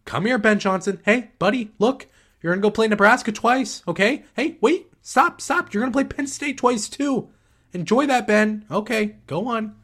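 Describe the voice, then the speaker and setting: A man's voice: high-pitched, moderate pace, fairly bright tone, voice pushed up. A man voicing a male league official who talks down to a coach as if soothing a child. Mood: patronizing.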